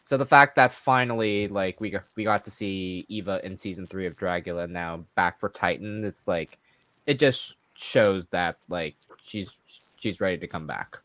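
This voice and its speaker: Male podcast co-host, lowish voice, agreeable, dry close recording. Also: moderate pace, a bit bright, dry recording. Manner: agreeable, frequent affirming interjections. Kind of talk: casual chat.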